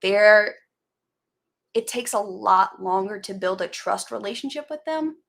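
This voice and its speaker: A woman's voice: mid-range voice, expressive, unhurried, vocal fry, a bit bright. A woman hosting a casual live stream, chatting in a rambling way and greeting viewers by name as they join. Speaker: livestream host chatting with viewers.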